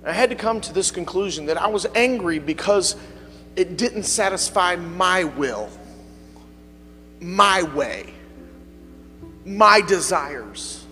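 Male pastor, high voice, fervent call-and-response preaching; church hall reverb, faint hum. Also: lively intonation, slow pace, pauses often, pushed and bright, faint music behind. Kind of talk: sermon. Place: church sanctuary.

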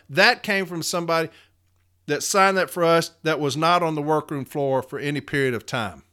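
A man's voice: on the high side, pushed and bright. A middle-aged man, a union shop steward, reading workplace data aloud and ranting bluntly with heated, swearing emphasis. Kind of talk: podcast rant, reading and commenting.

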